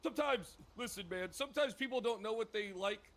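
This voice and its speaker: Man, high-pitched, bright, husky, indignant swearing rant. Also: brisk. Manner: ranting, swearing, voice cracking with indignation. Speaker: roleplayer playing a police character. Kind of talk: heated GTA roleplay argument.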